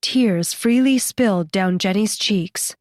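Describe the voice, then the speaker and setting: Slow, measured woman audiobook narrator. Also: mid-range voice, darkish tone, dry recording, clean studio sound. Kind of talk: scripted narration.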